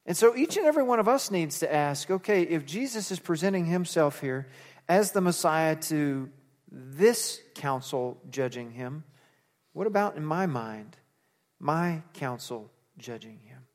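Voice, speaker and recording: A man with a high voice preaches a sermon in a church, his words ringing with long hall reverb. He is earnest and emphatic, climbing to forceful peaks and then sinking low and quiet at the ends of phrases. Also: animated, unhurried. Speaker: pastor. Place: church sanctuary.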